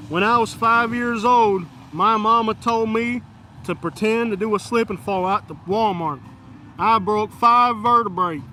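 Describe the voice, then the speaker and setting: A man putting on the voice of a smarmy male injury lawyer in a mock TV commercial, drawn-out pitchman delivery. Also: sharp tone, a little hiss or hum, poor audio.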